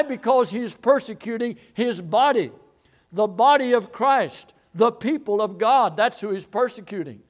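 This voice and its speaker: High-voiced male preacher building emphasis. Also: animated, a little slow. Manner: repeats phrases for emphasis, swells to loud declarations. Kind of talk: sermon, expository Bible teaching.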